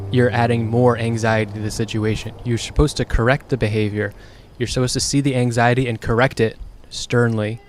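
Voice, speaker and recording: A young man telling a personal story in a casual, frank monologue, exasperated and swearing freely. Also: medium pitch. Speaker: streamer.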